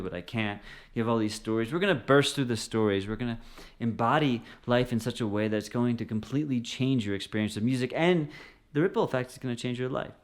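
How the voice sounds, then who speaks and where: A man at a middle pitch gives a casual singing lesson straight to camera. He talks in an easy, encouraging way and slips short sung phrases in among his explanations. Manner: encouraging, conversational, often sings short phrases. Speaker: music teacher.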